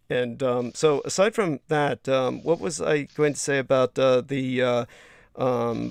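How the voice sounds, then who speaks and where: A man's voice: medium pitch, gravelly, clean tone, dry recording. A man hosting a livestream, talking in a digressive, crude and emphatic way with many restarts. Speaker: livestream host. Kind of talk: rambling livestream talk.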